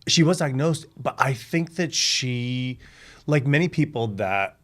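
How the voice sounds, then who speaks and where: A man's voice: medium pitch, unhurried. Candid man telling family stories. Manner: lively anecdotal, acts out quoted voices. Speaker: podcast guest, TV director. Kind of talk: candid conversational storytelling.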